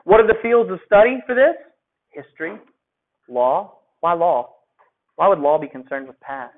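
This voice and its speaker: A man's voice: on the high side, very animated, normal speed. A male teacher giving a classroom lecture, talking conversationally and asking his students questions. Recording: phone-like lo-fi audio.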